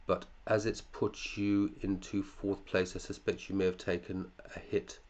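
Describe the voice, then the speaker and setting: A man's voice: deep voice, level tone, unhurried, darkish tone, lo-fi sound. A male fantasy football podcast host in casual chat, running through listeners' teams, chatty, with muttered asides and casual swearing.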